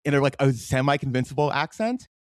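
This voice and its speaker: A man with a New York accent co-hosting a podcast, telling stories in an animated way with many restarts. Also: medium pitch, fast talker, no room sound, studio quality. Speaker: podcast co-host. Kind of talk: casual chat.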